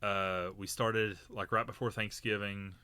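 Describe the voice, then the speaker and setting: A man's voice: lowish voice, little pitch movement, unhurried, bright, forceful tone, smooth, no echo. A man co-hosting a podcast, telling a long story in a rambling, casual way with many fillers and restarts. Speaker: podcast co-host.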